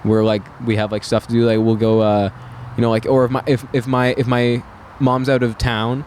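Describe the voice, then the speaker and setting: A man's voice: medium pitch, flat delivery, brisk, a little mellow, slight background noise. A young man with a Canadian accent, co-hosting a casual podcast chat and rambling through restarts and fillers. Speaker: podcast co-host.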